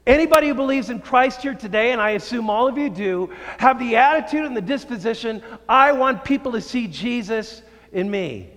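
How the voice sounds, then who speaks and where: Man, pastor, sermon, slow and emphatic, reverberant church sanctuary. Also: very high voice, animated, a bit bright. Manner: slow, emphatic preaching with drawn-out phrases.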